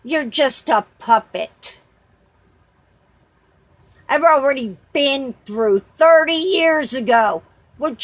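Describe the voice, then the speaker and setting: A woman's voice: sits high, lively intonation, slow pace, long pauses, no room sound, rough recording. A woman vlogger in an angry rant, combative, sarcastic and swearing as she reads out and answers comments.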